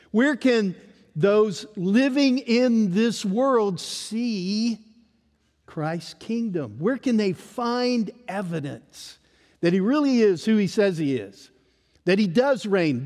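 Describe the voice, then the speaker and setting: A male preacher with a high voice delivers a sermon slowly and deliberately. He leans hard on key words, then lets his phrases fall quiet. The sound rings with the long reverb of a church hall. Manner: emphatic, drops to a hush at phrase ends.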